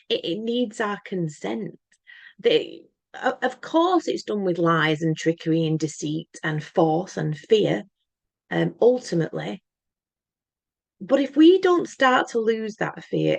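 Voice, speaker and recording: A woman's voice: medium pitch, gravelly, no room sound. A woman talking in an earnest, emphatic monologue to camera, rambling and often restarting her words. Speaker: channel host.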